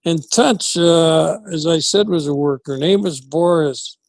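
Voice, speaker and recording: Speaking at an unhurried pace in a slightly high voice, this former football coach, now older, looks back on his career as an interview guest. He's a lively storyteller who performs each quoted line, and the recording has no echo.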